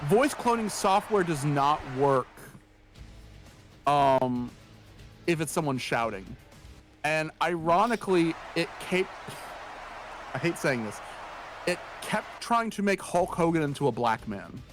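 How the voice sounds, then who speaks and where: A man's voice: a little high, expressive, takes it slowly, pauses often, soft background music. A man hosting a game stream, chatting in a jokey, rambling way. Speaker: streamer host. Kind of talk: casual gaming stream chat.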